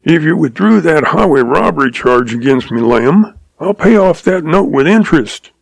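A man voicing a shrewd old cowboy who talks in a slow, patient, folksy drawl. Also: on the high side, lively intonation, vocal fry, dry recording, voice pushed up. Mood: patient, sly. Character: shrewd old cowboy, calm, sly, chuckling.

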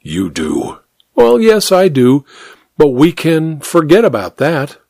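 A man voicing a genial, easygoing gentleman who talks in a breezy, reassuring way. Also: on the high side, huge pitch swings, takes it slowly, vocal fry, no room sound, studio quality, full character voice.

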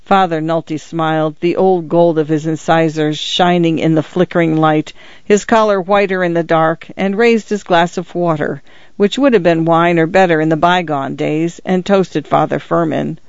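A man narrates a short story in a steady, measured way, his voice sitting a little high. The recording is dry with no room sound, and somewhat dull and muffled. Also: smooth, dry recording. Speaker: audiobook reader.

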